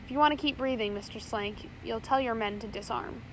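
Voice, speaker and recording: A cool, ruthless pirate captain, as a woman puts him on, gruff and menacing with a slightly high pitch. He gives orders in short, hard lines. It is a storybook reading. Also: brisk, a little hiss or hum, natural voice, low-quality recording.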